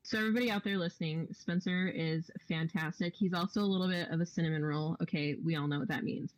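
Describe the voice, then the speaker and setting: A young woman sharing an embarrassing story with a co-host, her voice sitting a little low for a woman. She talks casually and with animation, full of fillers, and mimics the people in her story. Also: fast, poor audio. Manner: animated, laughing, acts out quotes.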